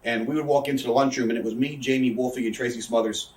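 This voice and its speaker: A man's voice: medium pitch, steady tone, fast, darkish tone, distant mic. A man, telling rambling, profane backstage stories in a casual interview. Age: 30s. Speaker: interview guest, wrestler. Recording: echoey room, off-mic.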